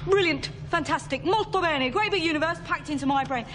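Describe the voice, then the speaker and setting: An actress playing a frantic human woman whose mind is overloaded with alien knowledge, babbling fast and then pleading. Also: high-pitched, noisy background, natural voice. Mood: babbling manic. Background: film score.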